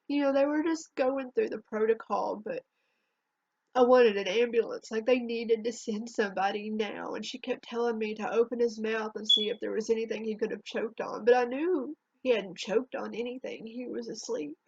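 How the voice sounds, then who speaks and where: Husky shaken woman, halting testimony. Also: fairly high pitch, dry recording, highs cut off. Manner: halting, emotional, with restarts and long pauses. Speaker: grieving mother telling her story. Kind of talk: personal spoken testimony.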